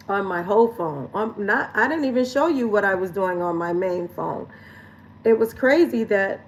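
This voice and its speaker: A woman's voice: medium pitch, slight background noise, poor audio. A woman lifestyle coach talking frankly and chattily straight to her viewers in a casual vlog, swearing now and then. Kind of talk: candid direct-to-camera vlog talk.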